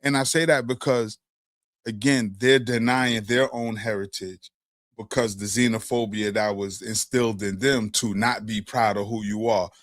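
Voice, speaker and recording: A Brooklyn, New York man hosts a casual discussion, an animated storyteller using streetwise slang. His fairly low voice moves at normal speed, recorded in studio quality with no room sound.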